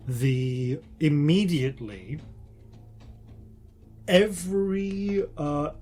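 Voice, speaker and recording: A man running a tabletop game as dungeon master, narrating scenes with lots of laughter and improvised descriptions. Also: mid-range voice.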